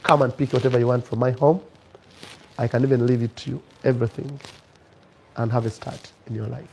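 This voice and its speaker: Man doing a soft-spoken remorseful husband, low quiet pleading tone. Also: steady tone, measured pace, noisy background, lightly acted. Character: remorseful dying young husband, soft and tender.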